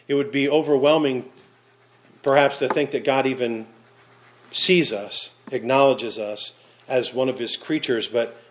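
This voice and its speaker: A man preaching a sermon, earnest, with dramatic pauses and vivid storytelling. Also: medium pitch. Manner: storytelling with fillers and restarts. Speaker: pastor.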